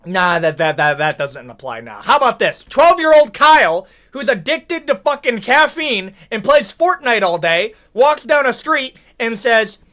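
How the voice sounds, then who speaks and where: His voice is very high, his pace measured, and he hardly pauses at all. The young American commentator rants and jokes with slang-heavy mock outrage, animatedly asking things like "brother, what?"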